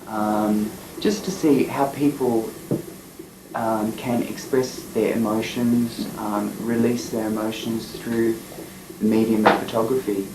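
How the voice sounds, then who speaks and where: A man's voice: fairly low pitch, echoey room, background noise. A man who works as a freelance photographer, telling a story in a chatty, rambling way in an interview. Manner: rambling, chatty, with frequent fillers and laughs. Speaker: freelance photographer and documentary maker.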